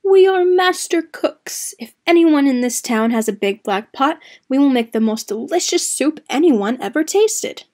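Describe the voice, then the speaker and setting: A clever, jolly wandering cook played by a woman coaxes a whole village in a storybook tale. He speaks in a showy, sing-song chant with a fairly high, bright tone. The reading is lively and playful. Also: normal speed, close to an everyday voice. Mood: cheerful. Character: clever cheerful male traveling cooks.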